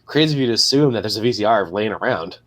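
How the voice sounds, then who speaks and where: A man's voice: lowish voice, expressive, quick pace. A man co-hosting a podcast, chiming in with laid-back, agreeable banter. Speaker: podcast co-host. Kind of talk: casual chat.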